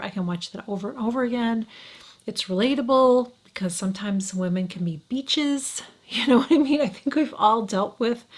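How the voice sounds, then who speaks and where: A middle-aged woman chatting frankly to camera as a beauty vlogger, often sinking to a near whisper. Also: medium pitch. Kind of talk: casual chat to camera.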